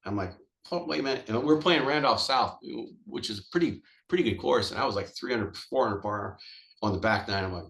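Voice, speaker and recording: On a webinar call mic, a golf course manager talks casually, rambling and animated, acting out conversations and saying "man" often. His voice is on the low side and gravelly, with a brisk pace and a reverberant sound.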